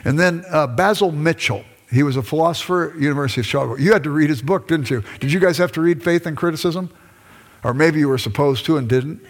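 A long hall reverb surrounds an older man with a slightly high voice who lectures a class at a quick pace. Once a pastor and now a lecturer, he keeps it conversational and acts out pieces of dialogue with his wife.

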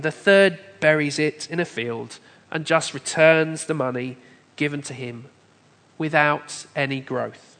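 A man preaching a sermon to a congregation, in a measured, emphatic way that builds his points through lists. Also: fairly high pitch, fairly bright tone. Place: church hall. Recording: long hall reverb.

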